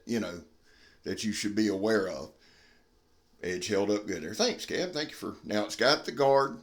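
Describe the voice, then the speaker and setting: Folksy man reviewing knives, echoey. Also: fairly low pitch. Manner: folksy, blunt and candid. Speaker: knife reviewer. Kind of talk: casual product review.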